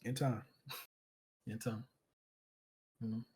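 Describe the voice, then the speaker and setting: A man's voice: medium pitch, little pitch movement, extremely slow, a little mellow, slightly rough. Earnest man talking from the heart. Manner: earnest, reflective, full of "you know" fillers. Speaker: streamer, guest. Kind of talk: casual heartfelt conversation.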